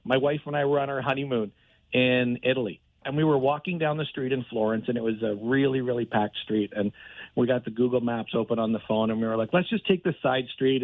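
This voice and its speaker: A man in his forties, a caller from Canada, telling a lively, self-deprecating story on a phone-in show. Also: mid-range voice, no room sound. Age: 40s. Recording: tinny phone line, dry.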